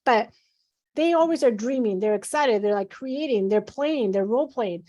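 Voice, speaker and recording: Middle-aged woman, physician guest, earnest and animated, fairly high voice. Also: moderate pace. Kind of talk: conversational interview.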